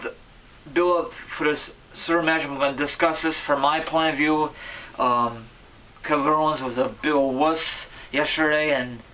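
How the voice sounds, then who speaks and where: A man giving casual wrestling vlog commentary, rambling and correcting himself, with sudden loud bursts. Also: on the high side, far from the mic, poor audio. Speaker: wrestling vlogger.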